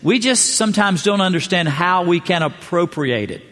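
A middle-aged man preaching a sermon, telling stories with measured pauses. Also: sits high, lively intonation, fairly bright tone. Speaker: pastor. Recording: long church hall reverb.

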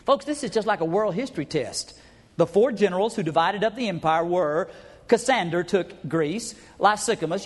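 A man delivers a sermon in a folksy, emphatic way, often addressing his listeners directly. His voice sits high for a man. A long hall reverb trails behind his words. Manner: folksy, emphatic, acts out crowd chants. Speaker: preacher. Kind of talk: sermon teaching.

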